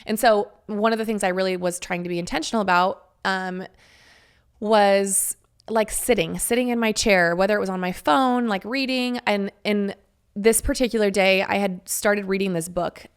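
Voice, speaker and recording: A woman in her thirties talks through her own story on her podcast, chatty and unguarded, with casual swearing along the way. Her voice sits at a middle pitch with a gravelly fry running through it. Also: moderate pace. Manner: chatty, frank, swears freely, laughs between phrases. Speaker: podcast host. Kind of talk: candid personal storytelling.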